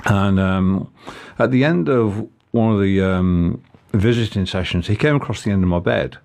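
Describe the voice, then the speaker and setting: A man's voice: on the low side, creaky, a little mellow. A man telling a personal story in casual conversation, with frequent halts and restarts. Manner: halting, many restarts. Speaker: guest.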